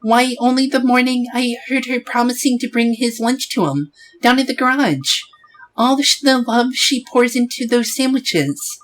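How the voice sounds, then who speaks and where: A man's voice: very high voice, normal speed, a bit bright, pitched above the performer's own voice, low-quality recording. A man voicing a fussy, gossipy old woman neighbor who chatters on sympathetically, in a game playthrough.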